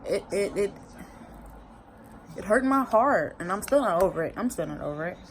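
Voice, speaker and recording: A woman's voice: medium pitch, normal speed, a little hiss or hum, low-quality recording. A woman talking casually in a vlog recap, emotional and rambling, often repeating herself. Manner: colloquial, expressive. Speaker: vlogger recapping a TV season.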